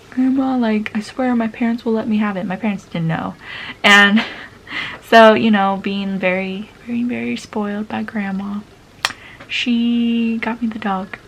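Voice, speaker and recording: A woman's voice: medium pitch, fairly bright tone, slight background noise, low-quality recording. A woman in her twenties telling a story casually while getting ready at home. She talks chattily, laughs often and acts out the voices of people in her story. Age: 20s. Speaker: vlogger. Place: at home, indoors.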